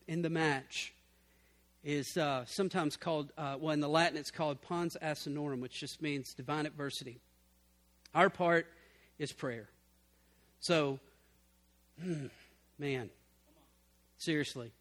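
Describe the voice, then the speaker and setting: A man preaching a sermon as pastor, swinging from loud emphatic bursts to low, quiet passages.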